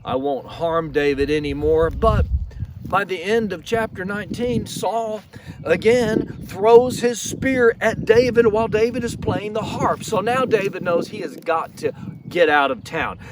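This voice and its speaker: A pastor tells a Bible story outdoors, lively and given to quick restarts. His voice sits a bit high. The mic is some way off, and faint traffic hums behind him. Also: recorded from a distance. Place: outdoors in a flower field.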